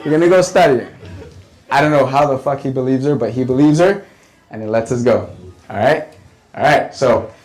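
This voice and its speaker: A man telling a comic story in an animated, profane way, often repeating lines for effect. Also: mid-range voice, poor audio. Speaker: comedian. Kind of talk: stand-up storytelling.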